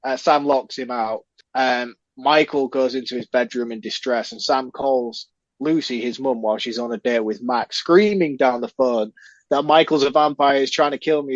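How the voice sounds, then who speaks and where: A man chats through a film's plot for a podcast, now and then jumping into the characters' voices. His voice sits at a middle pitch. The recording is dry and a little dull. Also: no echo. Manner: retells scenes, acting out characters' lines with a raised voice. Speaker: podcast co-host. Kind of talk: casual film review chat.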